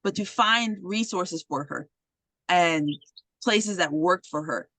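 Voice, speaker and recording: A woman on a podcast, casually retelling a film's plot with lively, profane commentary and quick acted quotes. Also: on the low side, no room sound. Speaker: podcast host. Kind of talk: casual movie recap.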